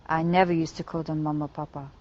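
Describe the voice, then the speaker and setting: A woman's voice: low-pitched, level tone, fast, a little mellow. An older woman giving an interview, speaking in short, clipped sentences that drop small words. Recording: dull lo-fi broadcast clip.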